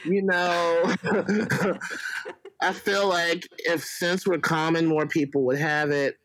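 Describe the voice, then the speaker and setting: A man's voice: on the high side, level tone, slow pace, fairly bright tone, no echo, rough recording. Playful, profane, rambling male guest from Alabama, dry close sound. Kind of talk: casual interview chat.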